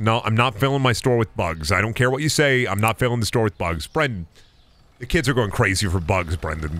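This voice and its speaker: Man, gaming streamer, quick talker, lowish voice, rambling absurd jokes. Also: expressive, fairly bright tone. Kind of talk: casual livestream chatter.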